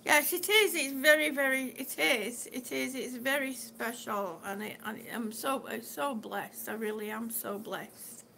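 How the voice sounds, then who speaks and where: A woman's voice: fairly high pitch, a little slow, vocal fry, hardly any pauses, bright, forceful tone, a little hiss or hum. A woman chatting on a live stream, reading out viewer comments in an affectionate, chatty way and calling people sweetie. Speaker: vlogger reading live chat. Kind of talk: casual live-stream chat.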